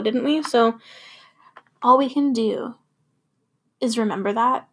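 A woman podcast host with a fairly high voice talks emphatically about her sobriety, including a spoken-word poem. She repeats affirmations and swears freely.

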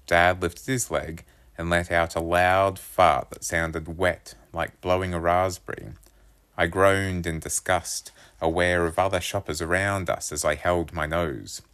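A man reading a children's chapter book aloud, telling it in a lively first-person voice. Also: low voice. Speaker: storybook reader.

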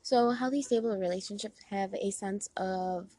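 A woman's voice: mid-range voice, moderate pace, mellow, dry recording. A young woman giving relationship advice in a casual, earnest way to her viewers, with lots of filler words. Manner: chatty, earnest, many "like" fillers. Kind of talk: casual talk to camera.

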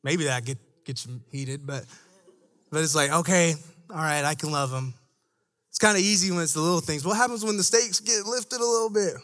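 A young church staff speaker preaches fairly quickly in an animated, conversational style. Low asides alternate with rises in his voice for emphasis.

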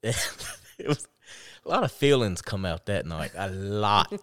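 A man telling a prank story in a relaxed, drawling way on a chat show. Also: fairly low pitch, slow, dry recording, clean studio sound. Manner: drawling, laid-back, laughs between lines.

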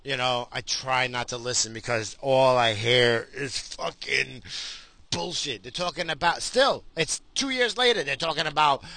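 A man in a profane, angry vlog rant, swearing constantly and bursting into loud outbursts. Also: measured pace, no room sound. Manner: mocking, drifting into sudden high voices. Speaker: vlogger.

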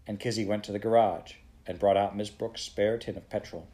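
A man reading a children's novel aloud in a steady storytelling manner. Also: on the low side, fairly quick, hardly any pauses. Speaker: audiobook reader.

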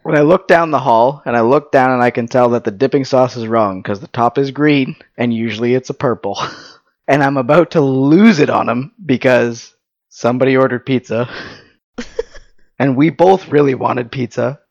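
A man chatting casually with his wife on a vlog, laughing often as he tells an animated story. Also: medium pitch, normal speed, no room sound, highs cut off. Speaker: vlogger, husband. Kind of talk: casual couple chat.

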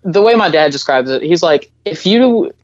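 A man's voice: a little high, animated, brisk, no echo, lo-fi sound. A young man as a podcast guest, easygoing in casual chat and leaning on fillers. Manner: easygoing, many "you know" fillers.

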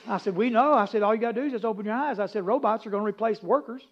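A man preaching a folksy, humorous sermon, rambling into stories and dropping from loud emphasis to hushed asides. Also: high voice, racing. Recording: dull lo-fi recording.

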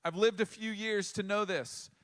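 Middle-aged male pastor, higher-pitched voice; conversational sermon, emphatic pauses. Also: steady tone.

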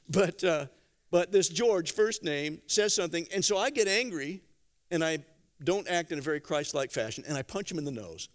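A man preaching a sermon, telling stories conversationally with gentle humor and acting out quotes. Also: high-pitched, measured pace, long pauses. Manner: animated storytelling with acted-out quotes. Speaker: pastor.

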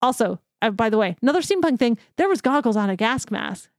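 Excited woman gushing on a podcast. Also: on the high side, no echo, studio quality. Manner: enthusiastic, gushing, rapid asides. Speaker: podcast co-host. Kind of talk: casual chat.

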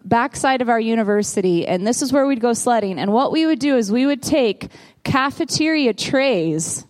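A woman in her thirties with a Southern US accent, telling her side of the story in a lively, laughing way during a sermon. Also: fairly high pitch, normal speed. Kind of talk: sermon told as a couple's story.

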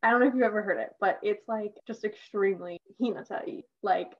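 A young woman co-hosting a podcast, chatting excitedly as a fan, laughing and filling her talk with "like". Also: medium pitch, a little fast. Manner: excitable, laughing, heavy use of "like". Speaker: podcast co-host. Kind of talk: casual fan chat. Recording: dull lo-fi sound.

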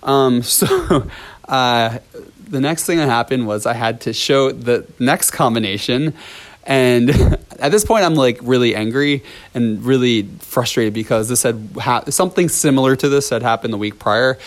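A man's voice: mid-range voice, unhurried. A young man, a ballet teacher, telling a story from his class in a casual, rambling way with many fillers and restarts.

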